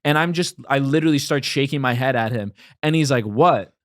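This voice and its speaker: A young man on a comedy podcast, casually telling an animated story and acting out the people in it, quoting them with lots of "I'm like". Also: mid-range voice, a little fast, no room sound, studio quality.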